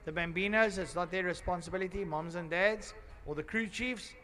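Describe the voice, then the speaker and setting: A man doing live trackside commentary at an outdoor race circuit. He rambles and jokes, then switches to loud announcing for the grid. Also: sits high, fairly quick.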